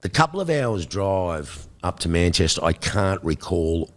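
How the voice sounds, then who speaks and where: An older Australian man in an interview, telling animated stories and acting out the voices of the people in them. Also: low voice, unhurried. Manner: animated storyteller, acts out quoted voices. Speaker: guest. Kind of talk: storytelling interview.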